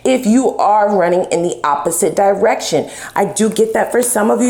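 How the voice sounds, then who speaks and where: Chatty, foul-mouthed woman reading tarot; fry in the voice, recorded in an echoey room. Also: medium pitch, animated, normal speed, darkish tone. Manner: blunt, profane, chatty. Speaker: tarot reader. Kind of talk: casual tarot love reading. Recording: roomy echo.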